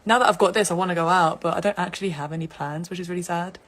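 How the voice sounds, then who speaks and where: A woman's voice: on the low side, rapid-fire, a bit bright. A young woman from England, chatting casually and giggling on an Instagram live stream. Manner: giggly and chatty, laughs often.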